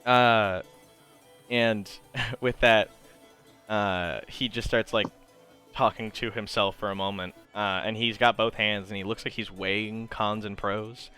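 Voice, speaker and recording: A man narrating as game master for a tabletop role-playing game, relaxed and full of fillers. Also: on the low side, a little slow, clean tone, soft background music. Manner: relaxed, many fillers, chuckling.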